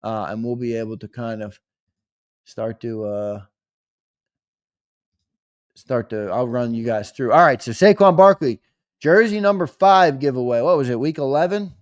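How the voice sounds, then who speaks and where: A young man hosting a casual live stream, chatting with viewers and reading names off a list in a lively, teasing way. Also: mid-range voice, normal speed, pauses often, no room sound. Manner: lively, teasing, talks straight to chat with "brother". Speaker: host of a sports live stream.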